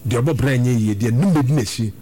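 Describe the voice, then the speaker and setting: A man's voice: mid-range voice, fairly quick, crowd noise. A man preaching a sermon, repeating phrases and trading short responses. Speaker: pastor.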